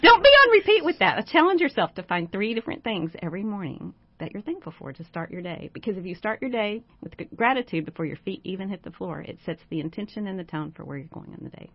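A woman's voice: medium pitch, very animated, fast, hardly any pauses, slightly rough, dry recording. A woman guest life coach giving encouraging, step-by-step advice on gratitude in a casual talk. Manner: warm, encouraging, lists steps. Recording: dry dull lo-fi sound.

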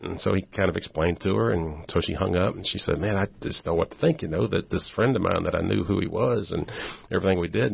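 A man who is a guest on an interview show, telling stories in a casual, animated way and acting out the voices of the people he quotes. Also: sits low, gravelly, breathy edge. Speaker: ministry volunteer guest. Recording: dull lo-fi audio.

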